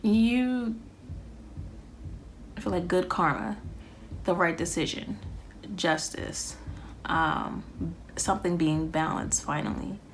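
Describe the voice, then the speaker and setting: Woman, lowish voice, tarot reader, rambling, thinking aloud, faint hiss behind. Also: takes it slowly, pauses often. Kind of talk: casual tarot reading.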